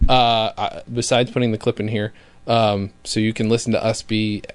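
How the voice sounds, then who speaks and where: A man's voice: lowish voice, flat delivery, moderate pace, dry recording. A man co-hosting a casual podcast, joking around, swearing freely and laughing often. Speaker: podcast co-host. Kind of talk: casual chat. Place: home room.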